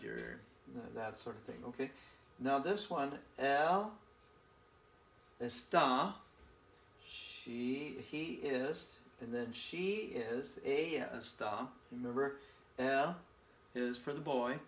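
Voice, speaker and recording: A man's voice: medium pitch, creaky, echoey room. A man teaching a Spanish lesson, explaining patiently and repeating himself, often checking in with "okay?". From northern United States. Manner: slow and repetitive, checking in with "okay?". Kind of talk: slow, patient classroom lesson.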